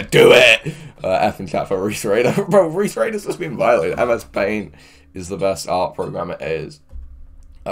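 Crude, joking man on stream. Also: on the low side. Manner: crude, joking, laughs often. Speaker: livestream host. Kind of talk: casual stream chat, reading chat aloud. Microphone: headphones with mic.

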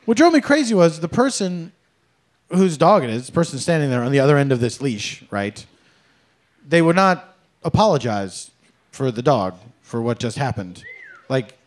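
A middle-aged man performing a stand-up comedy set on a club stage, with an animated, exaggerated, mock-polite delivery. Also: medium pitch, normal speed, pauses often.

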